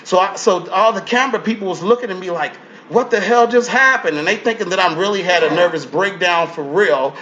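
A high, bright male voice belongs to a comedian guest spinning an animated, profane story. He jumps into other people's lines with shifting voices. The audio is dull and lo-fi. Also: a little fast, slight background noise. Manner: profane, acts out quotes in changing voices.

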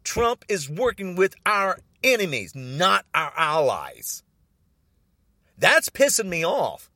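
A man's voice: high-pitched, wildly swooping pitch, slow pace, bright, forceful tone, no echo, clean studio sound. An older man in an angry, agitated political rant, repeating himself and stumbling over restarts.

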